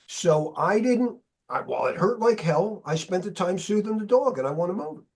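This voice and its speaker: A man hosting a podcast, telling stories in casual chat as an animated, freely swearing storyteller. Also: high-pitched, moderate pace, gravelly, husky. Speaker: podcast host.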